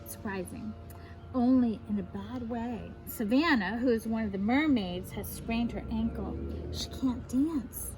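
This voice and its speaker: A woman, a teacher, reading a picture book aloud to children in an animated way, stopping to explain the fancy words. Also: fairly high pitch, measured pace, music in the background, poor audio.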